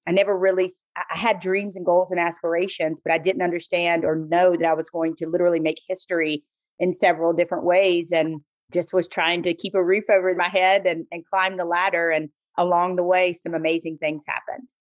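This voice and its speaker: Lively woman telling stories. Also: fairly low pitch, fairly quick, dry recording. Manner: animated, expressive storyteller. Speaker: podcast guest, former sportscaster. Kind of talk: casual storytelling interview.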